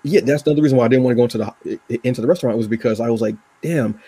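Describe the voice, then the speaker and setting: A man's voice: mid-range voice, racing, mellow, slightly rough, dry recording. A man hosting a podcast, chatting casually and emotionally, rambling with many restarts and fillers. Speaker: podcast host. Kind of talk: casual chat.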